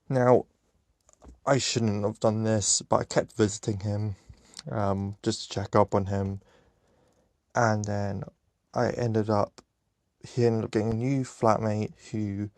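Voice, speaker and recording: A young man tells a personal story in a casual storytime video. His voice sits low with a gravelly, creaky edge and sounds close and dry. He talks bluntly, swears freely, and halts on fillers and restarts. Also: darkish tone, no echo. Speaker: vlogger.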